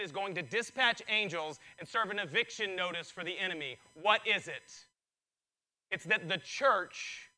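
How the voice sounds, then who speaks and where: A male pastor preaches an excitable sermon that builds in intensity, his high-sitting voice strained from preaching, captured in a rough recording.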